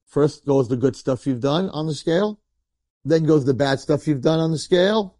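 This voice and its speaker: A man, a rabbi, telling a story in a sermon in an animated, colloquial way and acting out the characters. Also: on the high side, moderate pace, dry recording.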